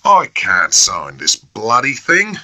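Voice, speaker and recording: A man's voice: low voice, sing-song, normal speed, sharp tone, no echo, pitched above the performer's own voice, heavily acted. A man voicing a coarse, sarcastic and bullying first lieutenant who talks with peevish scorn. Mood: scornful.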